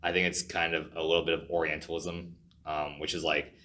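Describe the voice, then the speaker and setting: A man in his twenties from California, a podcast guest telling stories in an animated, jokey and dramatic way. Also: rumbling low, fairly quick. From California, USA. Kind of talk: casual podcast chat.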